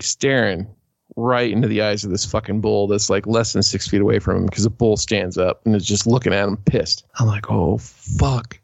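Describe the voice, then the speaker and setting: A man's voice: on the low side, vocal fry, no room sound. Crude joking man telling stories. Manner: crude, joking, animated storyteller. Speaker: podcast co-host. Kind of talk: casual chat, storytelling. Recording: dry, dull lo-fi sound.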